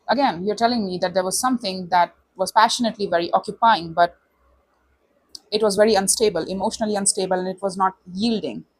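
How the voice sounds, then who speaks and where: A woman's voice: mid-range voice, rough recording. Chatty woman giving a tarot reading. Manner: chatty, speaks for the viewer in quoted first person, calls them honey. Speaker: tarot reader. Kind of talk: casual tarot reading monologue.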